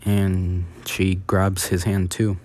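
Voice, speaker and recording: A man's voice: low voice, monotone, slow pace, a little mellow. A man improvising a casual fan story, rambling with many fillers and restarts.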